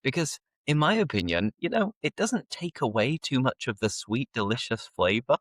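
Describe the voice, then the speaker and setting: A man's voice: medium pitch, sing-song, moderate pace, fairly bright tone, dry recording, studio quality. A man hosting a casual chat, laughing easily and turning to talk straight to his viewers. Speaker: host, English teacher.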